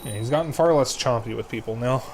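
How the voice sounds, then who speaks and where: A man streaming a game, chatting casually and telling animated stories between rounds. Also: medium pitch, fast, heavy background noise. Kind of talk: casual gaming chat.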